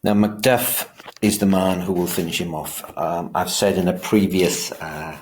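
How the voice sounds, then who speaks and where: A man with a very deep, low voice lectures as a teacher. He speaks with emphasis and often stumbles into restarts, repeating words before pressing his point. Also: steady tone, a little slow, darkish tone, a little hiss or hum. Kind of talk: revision lecture.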